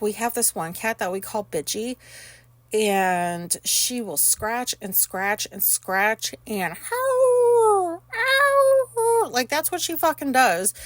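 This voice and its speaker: A woman's voice: on the high side, no echo. A woman in her thirties chatting casually from her bedroom, rambling and candid, with plenty of swearing. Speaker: podcast host. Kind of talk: casual personal chat. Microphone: phone.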